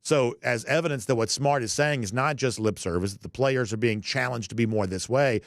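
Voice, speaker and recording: A man's voice: medium pitch, fairly quick, dry recording, studio quality. A man hosting a college football podcast, talking in a conversational way with folksy asides. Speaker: podcast host. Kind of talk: sports commentary monologue.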